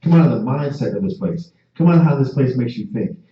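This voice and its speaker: Fast and animated, a man with a mid-range voice teaches his class as though giving a street sermon, impassioned and repetitive and often stammering before starting over. The audio is dull lo-fi, captured from a distance in an echoey space.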